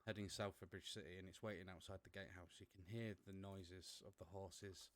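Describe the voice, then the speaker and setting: A man's voice: sits low, steady tone, brisk, no echo. A man narrating as game master, rambling and correcting himself as he goes.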